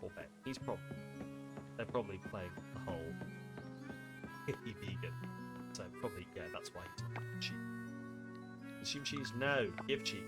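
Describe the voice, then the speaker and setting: A man's voice: lowish voice, lively intonation, normal speed, long pauses. A young man streaming a farming game, chatting to his viewers in a rambling, self-mocking way. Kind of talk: casual live-stream chat while playing. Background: game music.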